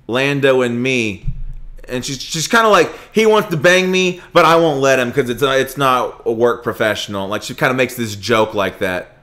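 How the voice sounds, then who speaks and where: A young man hosting a podcast, chatting casually and retelling movie scenes in a rambling, animated way. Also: medium pitch. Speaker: podcast host. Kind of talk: casual movie review chat.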